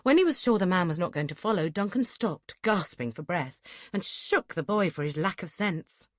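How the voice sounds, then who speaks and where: Reading scripted audiobook narration at a steady, measured pace, a woman speaks with a voice on the low side. The recording is studio quality, free of room sound.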